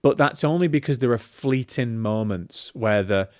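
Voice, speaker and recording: A man's voice: mid-range voice, moderate pace, no echo, studio quality. A man hosting a casual film review show, talking in a chatty, opinionated way with plenty of fillers and restarts.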